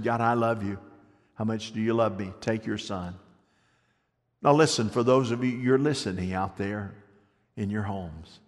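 A man's voice: medium pitch, big-room sound. A man pastor preaching a sermon, speaking directly to listeners at home.

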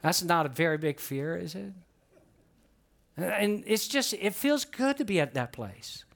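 Emphatic pastor preaching a sermon. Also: male voice, animated, a little slow, gravelly, a bit bright. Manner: emphatic, rising in pitch and volume as he preaches; asks the congregation questions and calls for responses. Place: church sanctuary.

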